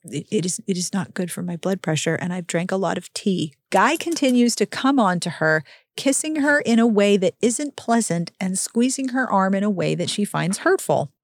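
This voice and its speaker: A woman hosting a book recap podcast, talking in a wry, exasperated, lively way. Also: mid-range voice, moderate pace, dry recording. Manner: exasperated, wry, animated commentary.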